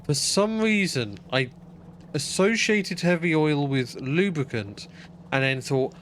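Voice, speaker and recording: A man's voice: on the high side, lively intonation, slow pace, a bit bright, slight background noise. A man streaming a game live, chatting casually while he plays. He rambles, swears freely and mocks himself.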